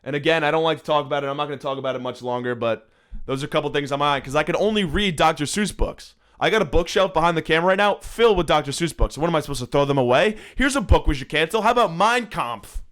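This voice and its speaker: Recording on his phone in a room at home, a young adult man hosts a podcast as a solo comedic rant, sarcastic and heavy on swearing. His voice is a little high and fairly bright, and he talks very fast.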